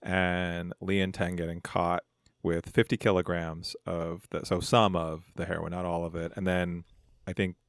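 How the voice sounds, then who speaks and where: A man's voice: sits low, little pitch movement, normal speed, no echo, studio quality. A man co-hosting a podcast, walking through his thoughts on a crime series in a rambling, thoughtful way. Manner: thoughtful, rambling, hedging with "like" and "right?". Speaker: podcast co-host. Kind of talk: casual recap chat.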